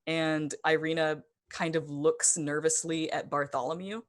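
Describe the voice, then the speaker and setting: A woman narrating as game master in a tabletop game, pausing often with ums and uhs. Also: deep voice, flat delivery. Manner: hesitant, lots of ums and uhs.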